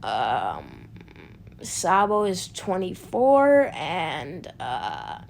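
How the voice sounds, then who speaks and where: A woman's voice: fairly low pitch, huge pitch swings, very slow, creaky, slight background noise. A woman telling an improvised story in a rambling, casual way, full of fillers and restarts and free with swearing. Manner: swears freely. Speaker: fan storyteller.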